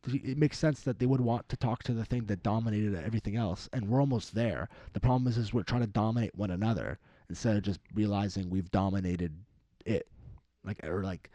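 A man's voice: on the low side, a little fast, warm tone, dry recording. A young man co-hosting a podcast, rambling through political chat with plenty of swearing and sudden jumps into mocking voices. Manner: rambling, profane, mimics other people in raised voices. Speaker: podcast co-host.

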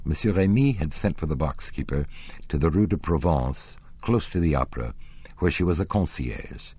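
A man narrating a classic novel as an audiobook in an expressive, theatrical reading. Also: very deep voice, breathy edge, no echo.

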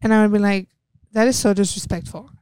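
A woman's voice: medium pitch, steady tone, fast talker, darkish tone, clean tone, no room sound. A young woman from West Texas, a professional wrestler, candidly telling stories and acting out the dialogue, swearing freely. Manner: blunt, swears freely, acts out quoted dialogue. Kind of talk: candid storytelling chat.

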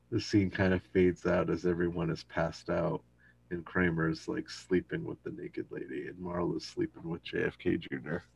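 A man's voice: low-pitched, unhurried, gravelly, breathy edge. A man casually retelling a sitcom episode, acting out the characters' lines as he goes. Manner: animated retelling, acts out quoted lines. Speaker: podcast co-host recapping an episode.

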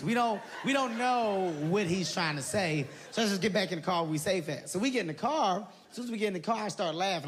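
High-pitched man doing animated stand-up. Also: fast talker, noisy background. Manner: animated storytelling, acting out voices and shrieks. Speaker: stand-up comedian. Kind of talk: stand-up comedy routine. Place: theater stage before an audience. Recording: live show with loud crowd laughter.

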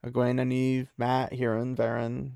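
A man's voice: mid-range voice, completely flat delivery, a little slow, gravelly, dark tone, smooth, dry recording, studio quality. A man voicing a protective young woman in a casually retold fantasy story, speaking in a blunt, matter-of-fact way.

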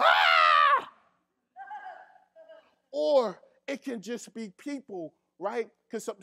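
A pastor with a rather high male voice delivers his sermon with emphatic repetition. He keeps checking in with the congregation, and his phrasing is loose and colloquial. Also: gravelly. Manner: emphatic, repeats key phrases, call-and-response with the congregation; casual colloquial grammar.

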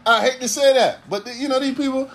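The voice is very high-pitched, quick, and a bit bright, from a male podcast host in his forties hailing from Ohio. He delivers a loose, profane, rambling monologue in a preacherly cadence.

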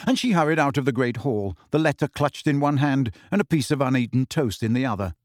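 A man's voice: medium pitch, expressive, brisk, few pauses, no room sound. Man reading a story, dry sound. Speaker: audiobook narrator. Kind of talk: scripted narration.

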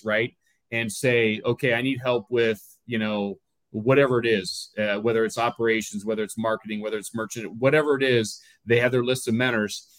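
An upbeat man co-hosting a live business chat show, mid-pitched and easygoing. He switches into a polished radio voice for the sponsor read, with a dry, close sound and no room around it. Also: no room sound, low-quality recording. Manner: upbeat, reads sponsor copy in a put-on radio voice. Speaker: podcast co-host.

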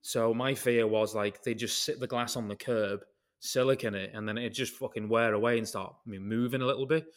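A British-accented man hosts a casual podcast chat, spinning a long, rambling story full of tangents and casual swearing. His medium-pitched voice is steady in tone and fairly quick.

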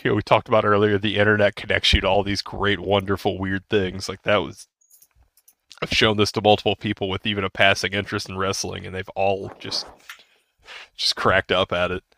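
A man's voice: sits low, monotone, brisk, creaky, pushed and bright, no echo. A man in his thirties co-hosting a podcast, rambling casually with restarts and laughs. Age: 30s. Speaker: podcast co-host. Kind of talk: casual chat.

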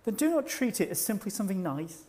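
A man preaching a sermon at a church service, measured and reflective, slowing down to stress key words. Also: sits high, sing-song, darkish tone. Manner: measured, reflective, slows for emphasis.

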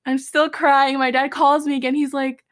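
A young woman talks with a friend in a rambling, animated way, her words tumbling out with plenty of fillers. Her voice sits a little high, and the sound is close and dry, with no room around it. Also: normal speed, dry recording. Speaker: storyteller. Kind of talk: casual chat between friends.

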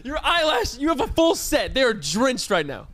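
A young man in casual chat as podcast co-host, fast and teasing. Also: very high-pitched, sing-song, a bit bright.

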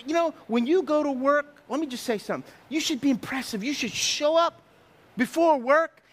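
A middle-aged man preaching a sermon, telling stories with sound effects and acted asides. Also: very high voice. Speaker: pastor.

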